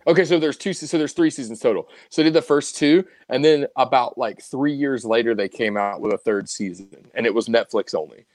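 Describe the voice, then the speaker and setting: A man's voice: medium pitch, a little fast, hardly any pauses, a little mellow, no room sound. A young man co-hosting a podcast, chatting casually with lots of fillers and cursing. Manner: rambling, swears casually, many fillers. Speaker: podcast co-host. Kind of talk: casual chat.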